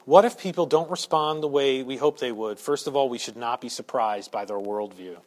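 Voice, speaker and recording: A pastor preaching a sermon to his church, shifting from quiet asides to loud, emphatic points. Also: medium pitch, moderate pace. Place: church sanctuary.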